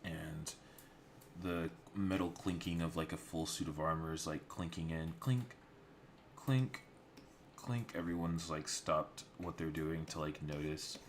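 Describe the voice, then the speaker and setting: A man's voice: rumbling low, little pitch movement, normal speed, slight background noise. A man casually talking through story beats of a storyboard on a livestream, rambling with many fillers. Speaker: storyboard artist.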